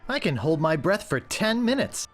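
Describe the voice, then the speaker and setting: An eager young would-be pirate. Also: male voice, high-pitched, very animated, normal speed, soft background music. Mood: earnest. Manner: earnest, naive quips.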